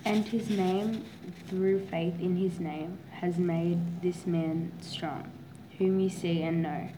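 A woman reading a Bible passage aloud in a steady, plain way for a class. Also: fairly low pitch, slow, background noise. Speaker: scripture reader.

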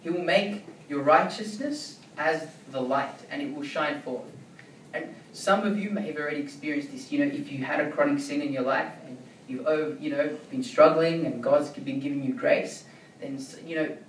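A man's voice: a little high, normal speed, a little hiss or hum. Man preaching in an echoey hall. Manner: conversational, keeps asking "right?". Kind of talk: sermon. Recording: echoey room, distant mic.

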